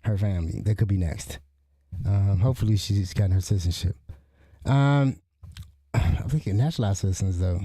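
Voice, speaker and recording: A man's voice: lowish voice, normal speed, long pauses, mellow, no echo, clean studio sound. A middle-aged man hosting a podcast, talking in a rambling, indignant way with frequent restarts. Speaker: podcast host. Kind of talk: casual spoken commentary.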